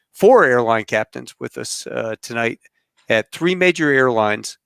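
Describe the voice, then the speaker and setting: A middle-aged man hosts a casual podcast, talking at an easy, rambling pace full of fillers and pilot shop talk. His voice is smooth and clear at a middle pitch, with a dry, close sound. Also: no room sound. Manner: relaxed, rambling with fillers and aviation slang. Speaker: podcast host.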